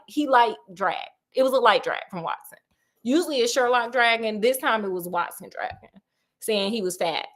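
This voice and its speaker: Woman comic storyteller, slangy, laughing, a touch high pitched. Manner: animated, slangy, laughs often.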